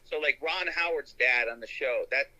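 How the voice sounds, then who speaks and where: A man's voice: mid-range voice, moderate pace, sharp tone, low-quality recording. A man hosting a podcast in casual chat, talking enthusiastically and rambling with restarts. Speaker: podcast host.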